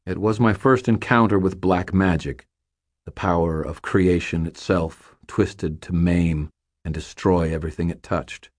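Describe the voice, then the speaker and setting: Deep, husky male audiobook narrator. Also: a little slow, no room sound, clean studio sound.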